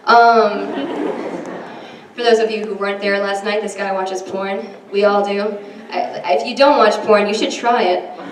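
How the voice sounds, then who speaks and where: With a steady, mid-range voice, a little on the slow side, a young woman performs stand-up in a large hall. Her material is self-deprecating, her delivery chatty and sprinkled with ums. Captured from far away in the echoey space, the clip includes audience laughter and room noise.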